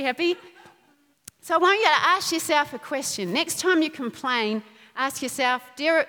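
A woman preaching a sermon with a high, bright voice that rings with a long echo. She preaches in a lively, playful way and breaks into laughter between points. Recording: long hall reverb.

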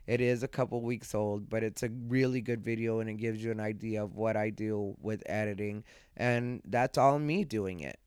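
A drowsy man hosting a solo podcast late at night, thinking aloud in an easygoing, rambling way. His voice is very clean and smooth, with a slight lisp. The sound is close and dry, with no room echo. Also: mid-range voice. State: sleepy, yawning late at night. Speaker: podcast host and comedian. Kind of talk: casual solo podcast monologue. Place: dark room at home, lying beside his dog.

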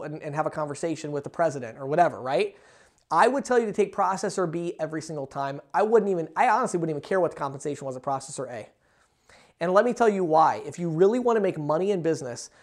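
A man hosts a podcast and delivers business advice as a casual, off-the-cuff monologue. He is blunt and persuasive, with plenty of fillers. He keeps slipping into mocking quotes of what his listeners might say. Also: sits high. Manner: mimics listeners in quoted asides.

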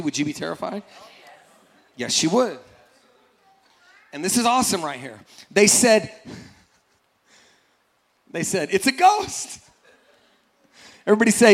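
Male pastor, fairly high voice, lively sermon delivery, acts out scripture characters. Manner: animated, acts out scripture voices, repeats phrases, calls congregation to respond. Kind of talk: energetic sermon.

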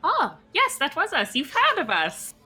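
A woman's voice: high-pitched, wildly swooping pitch, a little slow, pushed and bright, soft background music, exaggerated voice. A woman playing a polite young adventurer. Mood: pleased. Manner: polite, eager.

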